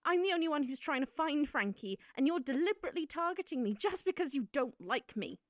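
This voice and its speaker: A woman's voice: high voice, lively intonation, a little fast, very noisy. An actress playing a desperate young woman searching for a missing friend, pleading and defiant.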